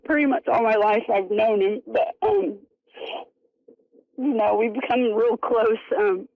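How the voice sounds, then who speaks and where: A woman's voice: fairly high pitch, steady tone, moderate pace, no room sound. A woman in her thirties from Indiana calling in, hesitant and emotional with many ums. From Indiana, United States. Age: 30s. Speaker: caller. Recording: dull phone-line sound.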